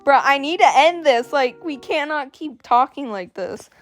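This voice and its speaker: A woman hosting a casual reaction vlog, excitable and exasperated, talking with plenty of slang. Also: high-pitched, unhurried. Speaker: host. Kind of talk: casual reaction vlog, reading a story aloud.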